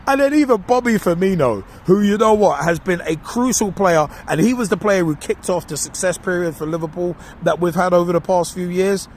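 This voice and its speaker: A man on a podcast talks football in a casual, gleeful rant, mocking and animated. His voice sits a little high for a man. Faint traffic noise hums behind him. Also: brisk, hardly any pauses. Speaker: podcast co-host. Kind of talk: casual football opinion monologue.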